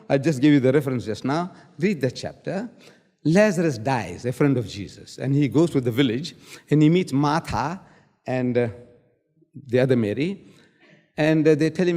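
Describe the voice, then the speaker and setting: A man's voice: a little high, darkish tone. Emphatic man debating in a hall. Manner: emphatic, quotes scripture, repeats key words. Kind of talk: public debate argument. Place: lecture hall.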